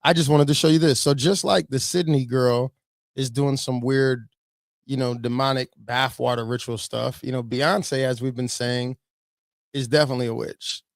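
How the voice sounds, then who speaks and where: Man, pastor, gravelly voice, blunt preachy commentary, dry close sound. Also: mid-range voice, steady tone, normal speed, no room sound.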